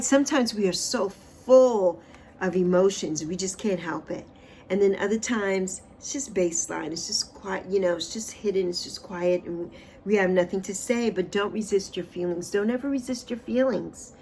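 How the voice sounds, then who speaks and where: Woman in her 60s doing a tarot reading livestream, mid pitch, repeats stuff slow for emphasis, faint hiss behind. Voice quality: expressive, swings pitch and loudness for emphasis. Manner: repeats phrases, drawn-out affirmations. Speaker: spiritual livestream host. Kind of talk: tarot card reading and uplifting chat.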